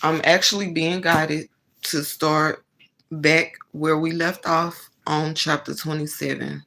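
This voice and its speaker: A woman hosting an online Bible reading stream, chatting casually with viewers and laughing easily, then reading scripture aloud with louder emphasis. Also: deep voice, level tone, takes it slowly, creaky, low-quality recording.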